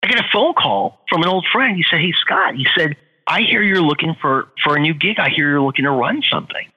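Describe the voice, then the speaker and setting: A middle-aged man tells his story with lively swings in pitch and a very bright, husky tone. He repeats phrases for effect, and his voice rings with a long, roomy reverb. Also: brisk, dull audio. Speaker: guest, author and entrepreneur. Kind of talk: storytelling in an interview.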